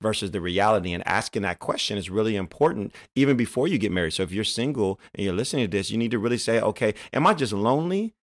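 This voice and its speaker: A man's voice: lowish voice, fast, hardly any pauses. A man hosting a faith-based podcast, talking earnestly and encouragingly, often repeating his key phrases. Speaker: podcast host.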